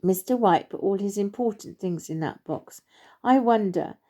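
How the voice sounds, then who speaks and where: A woman's voice: medium pitch, moderate pace, dark tone, close to an everyday voice. A woman doing eager young Timmy. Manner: eager, polite, apologetic. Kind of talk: storybook reading.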